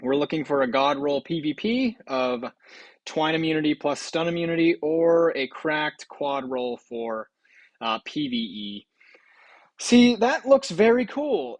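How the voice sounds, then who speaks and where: A mobile game video creator giving casual gameplay commentary, chatty, swearing freely and breaking into loud laughing outbursts. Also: medium pitch, no echo.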